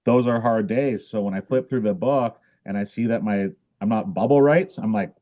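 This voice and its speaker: Low-voiced man rambling with fillers. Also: moderate pace, highs cut off. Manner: rambling, many fillers and restarts. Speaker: podcast guest, author. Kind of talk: casual interview chat.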